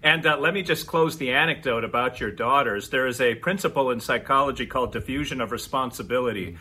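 A man co-hosting a podcast, telling stories in a casual, animated chat with quick asides. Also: mid-range voice, husky. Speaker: podcast co-host.

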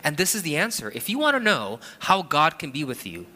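A man's voice: on the high side, huge pitch swings, a little fast, pushed and bright, in a large hall. A man preaching a sermon, walking through scripture verse by verse and acting out quotes and a family story. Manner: expository preaching with acted-out quotes and personal anecdotes. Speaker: pastor.

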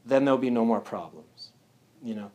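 A man's voice: mid-range voice, lively intonation, moderate pace, dark tone. A man speaking casually to a live audience at a wellness talk. He often checks in with "yeah?" and "right?".

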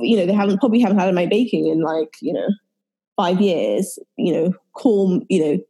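A woman's voice: on the low side, dark tone, slightly rough. A British woman, a baker, talking as a podcast guest in a loose, rambling way, full of fillers and restarts. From United Kingdom. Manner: rambling, filler-heavy, self-correcting. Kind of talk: casual podcast interview.

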